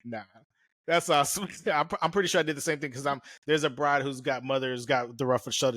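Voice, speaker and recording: A man's voice: mid-range voice, fast talker, fairly bright tone, no echo. Joking man hosting a podcast, dry sound. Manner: joking, laughs often, swears casually. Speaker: podcast host. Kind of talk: casual podcast chat.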